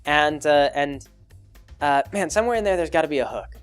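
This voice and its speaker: Brief: young man, slightly high voice, rambling comic storyteller, faint music behind. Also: animated, clean tone. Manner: rambling, full of restarts, acting out characters in quick bits. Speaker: comedy podcast host.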